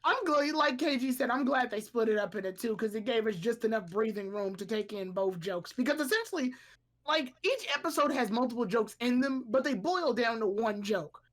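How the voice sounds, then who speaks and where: A woman's voice: a little high, lively intonation, fairly quick. A woman co-hosting a podcast in casual chat, rambling along with lots of filler words and restarts. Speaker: podcast co-host.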